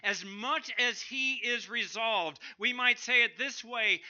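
A man preaching a sermon to his church, swinging between loud emphatic bursts and quiet drops. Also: very high-pitched, slow, hardly any pauses, dull audio. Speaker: pastor.

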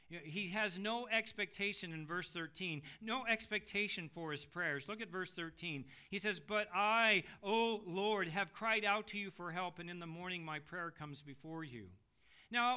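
A middle-aged man preaching an expository sermon, dramatic, moving between loud pleading passages and hushed, low readings. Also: smooth.

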